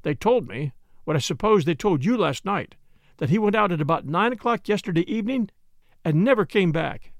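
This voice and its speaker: A man's voice: high-pitched, expressive, fairly quick, gravelly, dry recording, studio quality. A man voicing an earnest, defiant young woman who pleads insistently in an audiobook reading.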